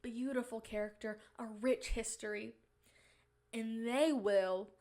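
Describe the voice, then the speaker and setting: A woman's voice: fairly high pitch, a little slow, a little mellow. A woman hosting a podcast in casual, rambling chat, giggly, with playful mock-indignant rants. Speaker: podcast host.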